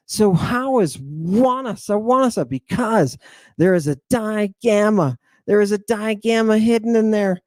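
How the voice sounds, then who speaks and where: A man giving an animated, playful language lesson, slowly repeating words for his students to drill. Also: high voice, dry recording. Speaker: teacher.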